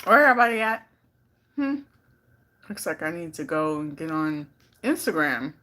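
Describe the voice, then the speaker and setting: A Bay Area, California woman vlogs on a livestream in a low-pitched, pushed, bright voice with big pitch swings at normal speed. She's playful and talkative, chatting casually and reading viewer comments aloud.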